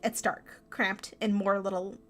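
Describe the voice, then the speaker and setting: A woman's voice: medium pitch, little pitch movement, measured pace, soft background music, lightly acted. A woman voicing a grim, determined female revolutionary in a game.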